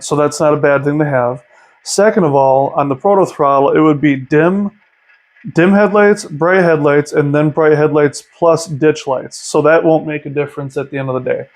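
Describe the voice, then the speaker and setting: A man's voice: on the high side, poor audio. A man hosting a casual hands-on hobby tutorial, chatty and enthusiastic, thinking aloud as he works. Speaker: model train hobbyist host.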